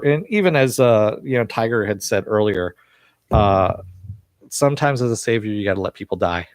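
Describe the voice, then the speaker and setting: A man with a fairly low voice talks through a TV episode in a loose, rambling way, full of "uh" and "you know" and stray chuckles. The sound is dry and close, with no room echo. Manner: rambling, many fillers and chuckles. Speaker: TV episode reviewer. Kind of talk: casual live recap.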